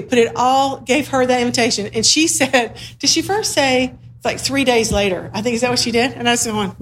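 A woman's voice: on the high side, brisk, few pauses, a little hiss or hum. A woman preaching a sermon in a conversational, humorous way, acting out little dialogues as she teaches.

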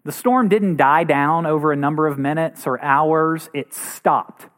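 A man's voice: a little slow, fairly bright tone. A man preaching a sermon as pastor, earnest, acting out quoted voices now and then. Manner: earnest, acts out quoted voices with rising pitch.

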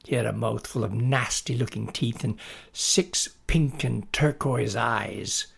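A man reading a story aloud in a slow, deliberate way. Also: mid-range voice, gravelly, breathy edge. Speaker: narrator.

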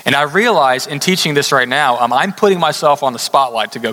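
Pastor preaching in an echoing hall. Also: male voice, mid-range voice, lively intonation, sharp tone. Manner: storytelling, conversational with slow emphatic stresses. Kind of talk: sermon. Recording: long hall reverb.

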